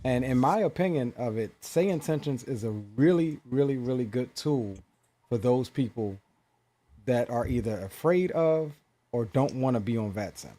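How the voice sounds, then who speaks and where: A man talking in casual podcast chat, measured and relaxed with frequent fillers. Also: medium pitch. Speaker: podcast guest.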